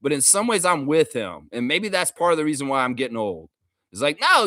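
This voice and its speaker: Animated man hosting a live stream. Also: medium pitch, no room sound, studio quality. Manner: rambling and animated, laughing often, reading chat aloud. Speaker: livestream host. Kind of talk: casual live-stream chat. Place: Toronto.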